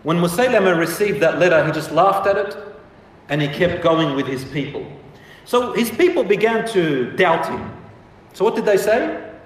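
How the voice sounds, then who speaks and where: A man giving a storytelling religious lecture, acting out the quoted exchanges with lively shifts of voice. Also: high-pitched, normal speed. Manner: animated, acts out quoted exchanges. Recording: echoey hall from far off.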